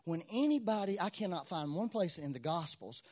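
Animated preacher man, higher voice. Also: fairly quick. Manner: animated storytelling, swinging between loud exclamation and quiet asides. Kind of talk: sermon.

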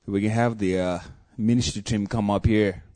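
A man's voice: lowish voice, fairly even intonation, normal speed, mellow, no echo. Man leading a fervent prayer. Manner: fervent, repetitive prayer cadence. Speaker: pastor. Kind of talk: closing prayer. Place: church.

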